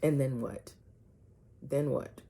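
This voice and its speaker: A woman vlogger telling a personal story to her viewers, animated, often asking "right?" and dropping some words to a whisper. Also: very deep voice, slow, creaky, slight background noise.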